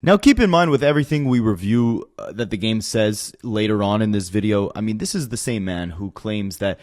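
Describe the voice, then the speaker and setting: Male host, low voice, close and dry, sarcastic running commentary. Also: animated, fairly quick, a little mellow, no room sound. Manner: sarcastic, incredulous. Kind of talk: commentary on rap clips.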